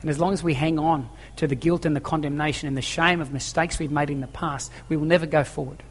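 A man's voice: on the high side, steady tone, quick pace, slight background noise. A man preaching a sermon to his congregation in a church hall, emphatic, repeating key phrases and asking rhetorical questions. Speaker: pastor. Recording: long echoing church reverb.

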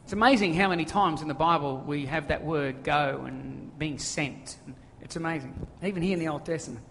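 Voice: mid-range voice, fairly quick, gravelly, a bit bright, a little hiss or hum. A preacher, giving a conversational sermon full of jokes and asides. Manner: conversational, joking storyteller. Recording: long reverb of a large hall.

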